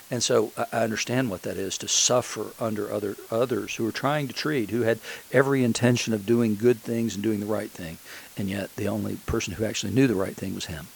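A man's voice: lowish voice, creaky, a little hiss or hum, rough recording. A man preaching a sermon as pastor, telling the story conversationally and often restarting his sentences.

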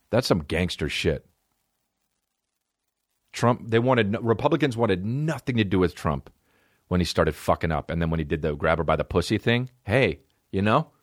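A man hosting a solo podcast, ranting in a rambling, profane way with big swings in pitch. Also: no room sound, clean studio sound. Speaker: podcast host.

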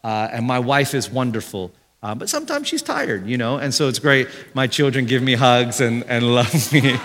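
A man in his thirties preaching a sermon from a church stage, telling an animated story about his family and jumping up into high shouts for quoted voices. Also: normal speed, in a large hall. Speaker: pastor.

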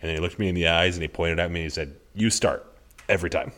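Low-voiced earnest father on a podcast. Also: level tone, racing, bright, forceful tone. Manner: earnest, reflective, many restarts. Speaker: podcast co-host. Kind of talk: casual conversation.

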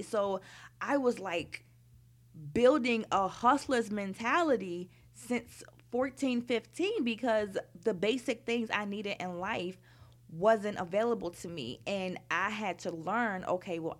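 Candid woman telling her story. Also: mid-range voice. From Baltimore, Maryland. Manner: frank, conversational, heavy use of "like" and "you know". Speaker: storyteller recounting her youth.

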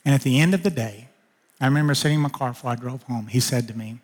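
A man preaching from the pulpit, weaving a personal story into his sermon. He plays out dialogue, jumping sharply up in pitch for his own protests and sinking to a hushed, low tone for quieter lines. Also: fairly even intonation, quick pace, in a large hall. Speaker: pastor.

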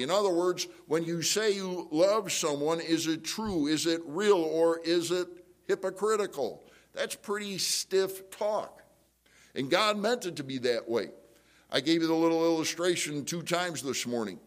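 A middle-aged male pastor preaching a sermon in a conversational way, asking the congregation questions. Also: medium pitch.

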